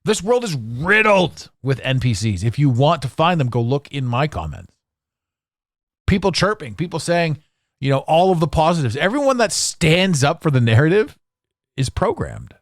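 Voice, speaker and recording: A man's voice: on the high side, very animated, normal speed, no room sound, clean studio sound. A tired man in his forties from Canada, ranting sarcastically in a rambling solo podcast monologue. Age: 40s. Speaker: podcast host.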